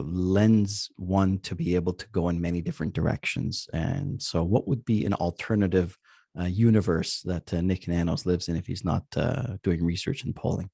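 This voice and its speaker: Low gravelly guy hosting a podcast, dry close sound, lotta uhs. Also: dark tone, dry recording. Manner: halting, many fillers. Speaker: podcast host. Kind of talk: casual interview chat.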